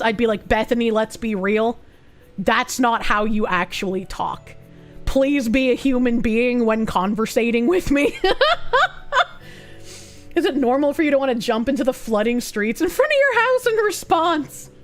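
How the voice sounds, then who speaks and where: A woman streamer giving casual reaction commentary, talking fast with sarcastic, profane remarks. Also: a little high, soft background music.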